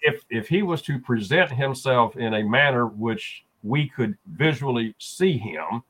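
A man guest and co-author recounting events in a measured, halting way. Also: mid-range voice, lively intonation, fairly bright tone, breathy edge. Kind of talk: interview storytelling.

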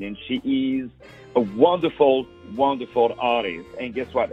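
A man's voice: medium pitch, low-quality recording. A man hosting a radio show who interviews a guest over the phone, effusive and heaping on praise with repeated words. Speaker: radio host.

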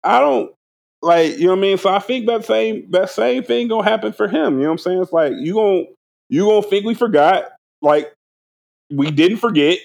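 A man's voice: sits high, lively intonation, normal speed, gravelly, darkish tone. A man co-hosting a casual podcast, rambling in slang with lots of restarts. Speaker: podcast co-host. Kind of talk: casual chat.

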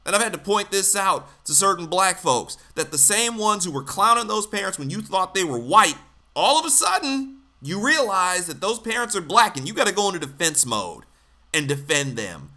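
Blunt, bright-voiced man ranting. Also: high voice, sing-song, moderate pace. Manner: blunt, exasperated, profane. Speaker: commentator. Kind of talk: ranting commentary monologue.

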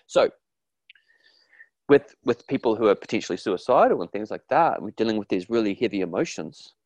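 A man talking in a casual interview about his therapy work, earnest and animated, acting out quoted voices with frequent restarts. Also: fairly low pitch, normal speed, no room sound. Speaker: therapist guest.

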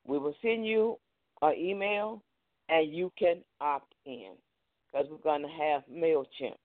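A man's voice: fairly high pitch, slow. A man hosting a live ministry broadcast, giving announcements in a chatty way full of amens and hallelujahs. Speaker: ministry host and preacher. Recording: phone-like narrow sound.

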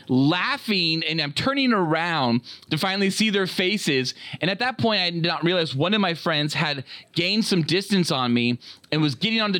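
High-pitched guy on a podcast, kinda sharp voice, tells raunchy stories all excited. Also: no room sound. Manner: crude, animated storytelling. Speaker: podcast co-host. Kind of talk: casual chat.

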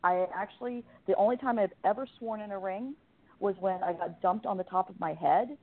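A woman's voice: medium pitch, fairly quick. A woman wrestler chatting as a radio guest, brash and profane, laughing often. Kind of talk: casual radio chat. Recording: tinny phone-line audio.

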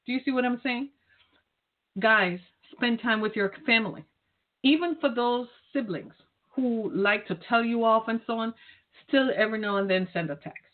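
A woman's voice: on the high side, normal speed. Earnest woman on a tinny line. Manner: earnest, preachy, repeats key phrases. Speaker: speaker addressing caregivers. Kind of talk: heartfelt direct-address talk.

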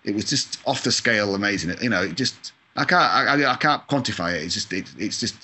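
A Scottish video game composer living in California speaks fast in a bright, slightly low voice with lively intonation. As an interview guest he chats casually and self-deprecatingly, swearing mildly, his speech loose and packed with fillers.

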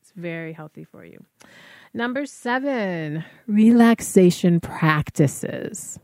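A woman's voice: on the low side, expressive, slow, darkish tone, no echo, clean studio sound. A woman speaking casually to fellow artists, giving encouraging wellness advice with frequent fillers. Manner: conversational, encouraging, many fillers.

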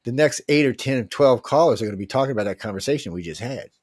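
Middle-aged guy ranting on a podcast, cussing, bragging, average pitch. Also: animated, rapid-fire, a little mellow, dry recording, studio quality. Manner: rambling, boastful, swearing, with frequent restarts. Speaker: talk radio host. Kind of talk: casual talk podcast rant.

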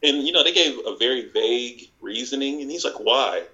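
A man guest on a podcast, telling work stories in casual chat and acting out the people he quotes in higher voices. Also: animated, brisk, sharp tone, muffled recording.

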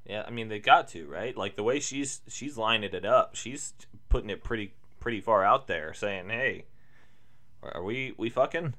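A man co-hosting a podcast, joking around in casual chat and trailing off into quiet asides. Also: on the low side, moderate pace, few pauses.

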